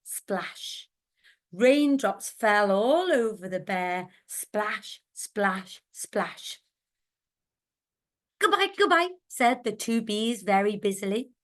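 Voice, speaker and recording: A woman leads an online workshop for teachers over a video call. She sits a little high in pitch and talks at an unhurried pace. She tells a children's story playfully, moving between loud, busy, quick and whispered voices. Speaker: teacher trainer.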